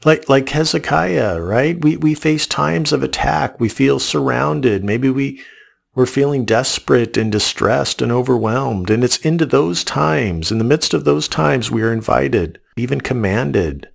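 A man's voice: medium pitch, animated, a little slow, gravelly. A male pastor giving a reflective, earnest sermon, often repeating words in short restarts.

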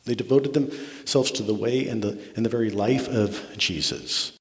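A man's voice: mid-range voice, normal speed. A man preaching a sermon as a pastor, earnest, often restarting words and checking in with "right?". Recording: long reverb of a large hall.

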